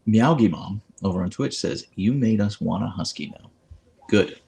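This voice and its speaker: A man's voice: on the low side, moderate pace, creaky, dark tone. A man hosting a casual livestream from his phone, chatting and reading viewer comments aloud. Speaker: livestream host. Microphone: phone with clip-on mic.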